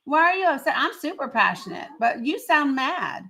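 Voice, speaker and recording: Hosting her own live stream, a woman presses a guest firmly in a heated argument, repeating her questions and talking over interruptions. Her high, gravelly, bright voice swings widely in pitch, keeps a moderate pace, and carries a forceful tone.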